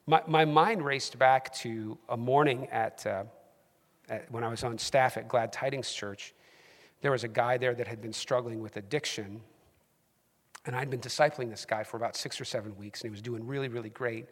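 Male pastor, mid-pitched, sermon storytelling that swings from loud emphasis to hushed whispers, long hall reverb. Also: moderate pace.

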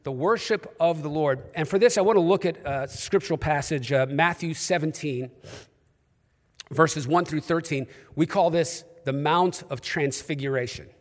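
A man's voice: fairly high pitch, moderate pace, big-room sound. A man with a New York accent preaching a sermon in a church, with humorous, conversational storytelling. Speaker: pastor. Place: church auditorium.

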